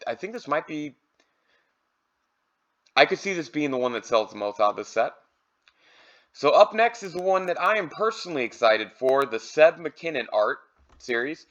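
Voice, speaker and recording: A man's voice: medium pitch, a bit bright, highs cut off. A man casually reviewing trading card products, thinking aloud with fillers.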